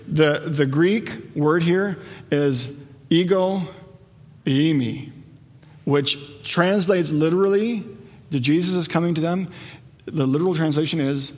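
Man preaching in a reverberant hall. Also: normal speed. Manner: conversational preaching, often drops low and quiet for emphasis. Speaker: pastor. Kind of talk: sermon.

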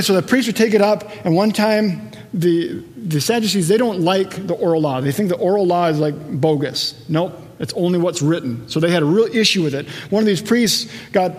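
High-voiced man preaching in a reverberant hall. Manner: storytelling, conversational with rising emphatic peaks. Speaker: pastor. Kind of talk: sermon.

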